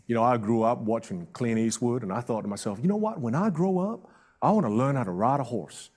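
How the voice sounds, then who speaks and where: A man voicing a wannabe cowboy with a Texan accent, slow and drawling. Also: medium pitch, animated, darkish tone, voice pushed down, natural voice. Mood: dreamy.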